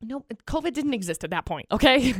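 A woman co-hosting a radio show, talking in a chatty, expressive way into a studio microphone. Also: on the high side, fairly quick, no echo. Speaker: radio co-host. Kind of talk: casual radio chat.

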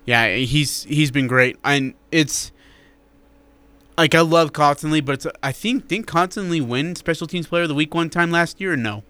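A man's voice: a little high, moderate pace, sharp tone, dry recording. A man co-hosting a sports radio show, rambling and joking in casual talk.

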